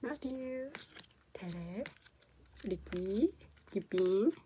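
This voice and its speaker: Excitable young woman unboxing at home. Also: mid-range voice, very slow. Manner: chatty, excitable, swears and gasps at cute finds. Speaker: vlogger unboxing K-pop merchandise. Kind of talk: casual unboxing chat. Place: bedroom with posters. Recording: home recording with audible background noise.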